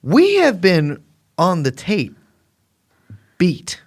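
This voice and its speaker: A man co-hosting a casual podcast, with a voice pitched a bit high and swinging widely in pitch. He rambles through his points with plenty of fillers. His delivery is animated and conversational. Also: drawn-out words, breathy edge. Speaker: podcast co-host.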